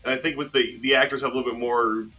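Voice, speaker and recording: A man on a podcast panel giving a measured, hedging opinion. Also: mid-range voice, flat delivery, sharp tone. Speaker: panel guest. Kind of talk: casual panel chat.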